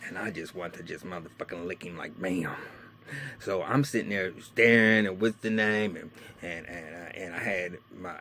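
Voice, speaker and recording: Animated, profane man telling his life story. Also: sits low, moderate pace, slight background noise. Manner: animated and profane, swinging from hushed asides to loud outbursts. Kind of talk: personal storytelling monologue.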